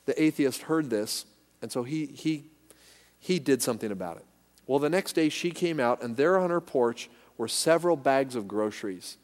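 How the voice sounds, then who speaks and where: Emphatic preacher in an echoing hall. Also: male voice, medium pitch. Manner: emphatic, leads call-and-response. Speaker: pastor. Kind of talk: sermon. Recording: echoey hall reverb.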